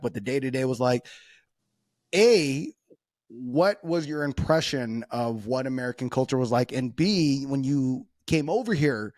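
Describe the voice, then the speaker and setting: A man hosting a podcast in casual chat, slangy and halting, often breaking into laughter. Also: medium pitch, darkish tone, no room sound, studio quality. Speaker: podcast host.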